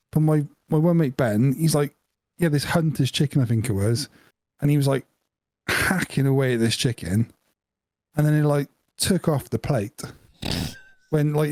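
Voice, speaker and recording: A man's voice: fairly high pitch, darkish tone, dry recording. A man co-hosting a podcast, telling a rambling anecdote with laughter and acted-out quotes in casual chat. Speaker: podcast co-host.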